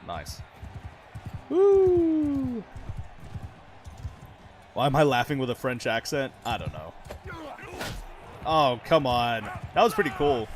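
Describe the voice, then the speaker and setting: A man's voice: medium pitch, wildly swooping pitch, slow, pauses often, slight background noise. A man giving casual, chatty commentary over his own gameplay, swearing freely and laughing often as he talks to his viewers. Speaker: gaming channel host.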